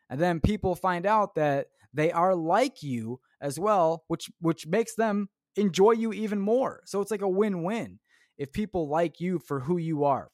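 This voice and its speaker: A man's voice: fairly high pitch, no echo, clean studio sound. Chatty podcast guy, rambling and casual. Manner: rambling, chatty, with frequent "man" and "dude". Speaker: podcast host. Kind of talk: casual solo podcast monologue. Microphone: clip-on shirt mic.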